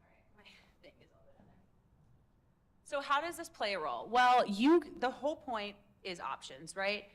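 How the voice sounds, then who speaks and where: A woman coaching public speaking in a live workshop, energetic and playful, demonstrating different voices. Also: a little high, moderate pace. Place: workshop room with audience.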